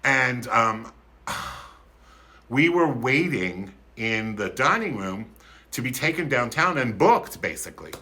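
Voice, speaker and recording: A man's voice: sing-song, slow, sharp tone. A man in his fifties from Philadelphia, telling a comic story on a livestream in a campy, flamboyant, theatrical way. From Philadelphia, USA. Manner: campy, flamboyant and theatrical, with sudden high-pitched outbursts.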